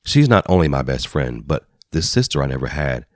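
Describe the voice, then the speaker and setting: A man narrating an audiobook in the first person, in an even, measured storytelling manner. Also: rumbling low, dry recording. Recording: dry studio voice-over.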